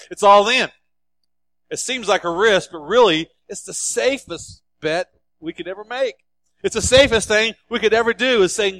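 A man's voice: high-pitched, normal speed, fairly bright tone, dry recording. A male pastor preaching a sermon in an emphatic, repetitive style.

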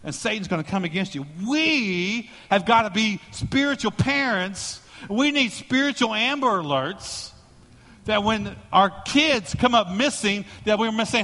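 A male pastor with a high, bright voice gives an animated, unhurried sermon, mixing jokes with storytelling. A long reverb fills the sanctuary around him.

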